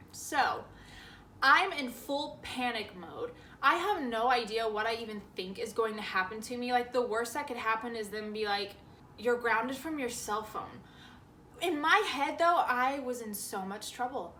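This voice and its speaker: A young woman vlogger telling a story about her past in an animated, expressive way. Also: a little high, moderate pace, a little hiss or hum. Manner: animated storytelling, acting out quotes with laughs. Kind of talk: storytime vlog. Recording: roomy echo.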